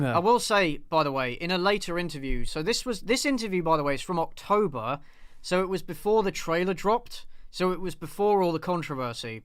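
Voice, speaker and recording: A man's voice: high voice, expressive, brisk, a bit bright, clear, resonant tone, no echo, studio quality. A man who reviews films, commenting casually and exasperatedly over a clip and swearing freely as he rants. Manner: exasperated, swears freely, repeats himself while ranting. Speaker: film reviewer and host.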